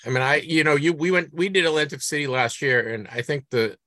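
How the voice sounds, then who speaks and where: A middle-aged man with a Boston accent hosts a casual interview. He asks questions in a halting, chatty way and often restarts his sentences. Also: fairly high pitch, pushed and bright, dry recording. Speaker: podcast host.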